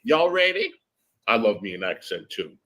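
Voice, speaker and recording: A woman's voice: very deep voice, sing-song, normal speed, a bit bright, low-quality recording. A woman hosting a gossip livestream, chatting casually in a sassy way and calling people honey and darling. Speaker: livestream host.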